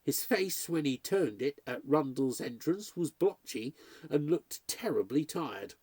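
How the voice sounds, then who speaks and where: Guy narrating a ghost story, lively pitch, mellow husky tone, very dry sound. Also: a little slow, no echo. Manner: expressive storytelling. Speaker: audiobook reader. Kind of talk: scripted narration.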